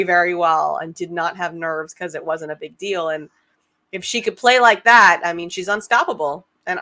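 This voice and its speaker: A woman's voice: mid-range voice, pushed and bright. A woman co-hosting a sports podcast, chatting in an upbeat way and plugging upcoming events. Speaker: co-host. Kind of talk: casual sports podcast chat.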